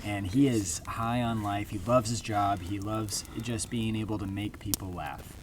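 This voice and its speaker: A man's voice: fairly low pitch, fairly even intonation, a little slow, distant mic. A man telling an improvised story outdoors at a campfire, rambling with many fillers and restarts. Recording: outdoor campground noise.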